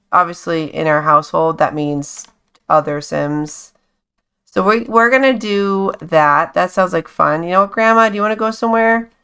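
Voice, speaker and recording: A young woman gaming YouTuber gives casual, amused commentary on a life-sim game, talking to the on-screen characters as she plays. Her voice is medium-pitched with a sharp tone.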